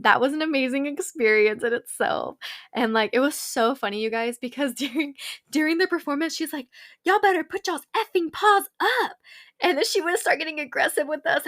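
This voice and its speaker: A young woman, hosting a podcast and telling stories in a bubbly, animated way with lots of quoted dialogue. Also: fairly high pitch. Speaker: podcast host. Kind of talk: casual storytelling.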